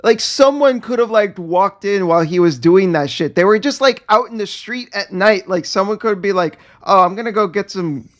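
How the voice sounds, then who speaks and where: Animated, foul-mouthed man on a podcast. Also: high voice, moderate pace, hardly any pauses. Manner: animated, swears freely. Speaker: podcast co-host. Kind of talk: casual podcast chat.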